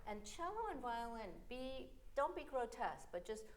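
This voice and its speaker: A woman's voice: fairly high pitch, moderate pace, slight background noise. A middle-aged woman from the United States, a piano teacher coaching a chamber trio in a masterclass, counting and singing rhythms aloud while they play. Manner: animated, counts and sings rhythms aloud over the playing. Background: piano, violin and cello playing.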